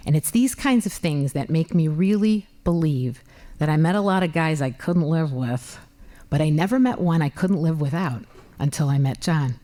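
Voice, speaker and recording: A woman in her fifties telling a comic personal story to an audience, animated and full of disbelief. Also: deep voice, moderate pace. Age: 50s.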